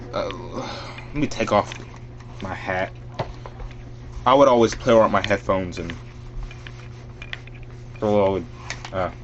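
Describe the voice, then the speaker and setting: Rambling low-voiced man giving tips. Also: lo-fi sound, background noise. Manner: rambling and filler-heavy, full of "like" and "um". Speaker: vlogger teaching a voice impression. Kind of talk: casual how-to vlog.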